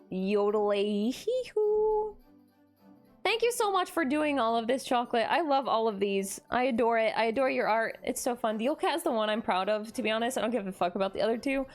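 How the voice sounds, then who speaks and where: A woman streamer chatting casually on a live stream, gushing and excitable, often gasping in delight. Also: on the high side. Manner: gushing and excitable, frequent gasps.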